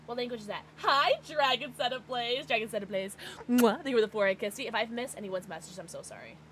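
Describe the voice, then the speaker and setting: An American woman livestreaming, chatting casually with her viewers in an excitable, bubbly way. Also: on the high side, fast, a little hiss or hum. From United States. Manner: excitable, bubbly, gasps and laughs often.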